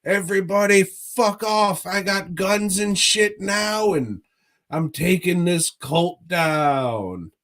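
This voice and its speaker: A man's voice: high-pitched, animated, slow pace, a bit bright, voice pushed up, full character voice. A man putting on the voice of a brash, inept, disgraced male reality-show star who talks in cocky tough-guy bluster. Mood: defiant.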